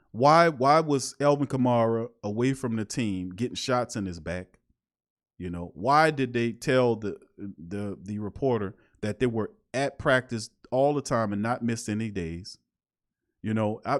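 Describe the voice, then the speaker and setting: Man, sports show host, casual commentary, rhetorical questions, slangy, rambling, emphatic. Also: mid-range voice. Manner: streetwise slang, laughs at his own jokes.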